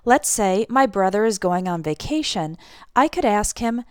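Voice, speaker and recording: Woman, english teacher, clear deliberate delivery, lively intonation, dry close sound. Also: medium pitch, no echo. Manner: clear, deliberate, modeling intonation on example phrases. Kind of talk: scripted language lesson.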